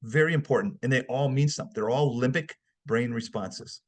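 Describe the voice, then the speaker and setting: A man's voice: medium pitch, a little fast. A man lecturing in a webinar on spotting deception, talking conversationally and acting out short examples. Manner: conversational, emphatic, acts out examples. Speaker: behavioral analysis instructor.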